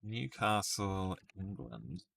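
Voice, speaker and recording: A young Australian man chatting on a live stream, his tone bright and forward. He talks at an unhurried, drawn-out pace, thinking out loud and laughing easily between guesses. His voice sits a little low for a man. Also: big pitch swings, gravelly. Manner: playful, laughs often, muses through guesses aloud. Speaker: streamer solving word puzzles live. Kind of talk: casual live-stream chat with viewers.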